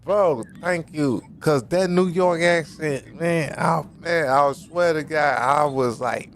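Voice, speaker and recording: A man's voice: a little high, slow, a little hiss or hum. A man in casual panel talk, bantering loosely and teasing the others by name.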